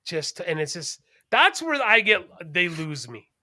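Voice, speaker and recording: A man co-hosting a podcast in casual chat, rambling, animated and profane. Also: sits high, a little slow, no echo, studio quality. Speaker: podcast co-host.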